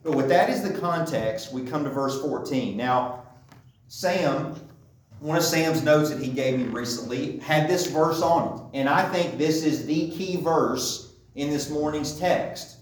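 A man preaches in a relaxed, conversational way, pausing often to check that his listeners follow. His voice sits a little high. He is picked up from across a strongly reverberant church room. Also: a little hiss or hum. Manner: conversational teaching, frequent checking "okay?". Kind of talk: sermon. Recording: very echoey room, distant mic.

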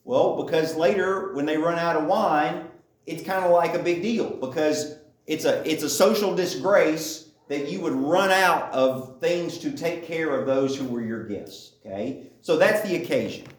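A man's voice: on the high side, unhurried. A man giving a conversational Bible teaching, often checking in with his listeners. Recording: echoey room.

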